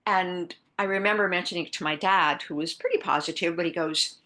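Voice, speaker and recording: A woman author from the American Midwest, telling a personal story in a podcast interview, earnest and reflective, dropping to a hush and then rising with emphasis. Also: on the low side, fairly quick, few pauses. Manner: earnest, reflective, shifting between hushed and bursting emphasis. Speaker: author guest.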